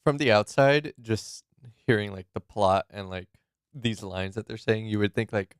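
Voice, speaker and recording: A man in a casual movie podcast chat, giving his thoughts in a measured way. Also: on the low side, clear, resonant tone, no room sound, studio quality.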